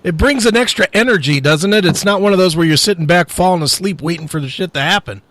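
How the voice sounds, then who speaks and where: Profane, high-voiced middle-aged man. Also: quick pace, a little hiss or hum. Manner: profane, animated storytelling. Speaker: guest, metal radio show host. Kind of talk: casual podcast chat.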